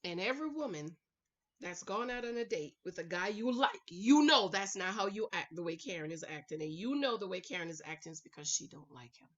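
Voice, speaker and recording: Sassy, lively woman vlogger talking to viewers. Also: mid-range voice, brisk, muffled recording. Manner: sassy, animated, calls viewers y'all, honey and girl. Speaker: reality TV recap vlogger. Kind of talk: casual chatty commentary to viewers. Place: at home.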